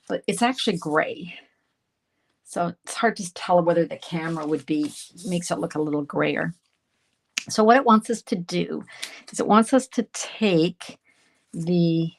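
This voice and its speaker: Chatty woman demonstrating crafts, lower voice. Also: slight background noise. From Canada. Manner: chatty, self-deprecating, talks to viewers while working. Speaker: card-making instructor. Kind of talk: casual crafting tutorial.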